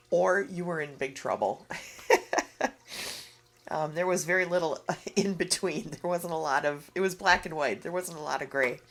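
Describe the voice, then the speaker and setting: A woman with a low voice talks through an oracle card reading in a casual vlog. She is tearful and emotional, and her speech is soft and halting, full of pauses.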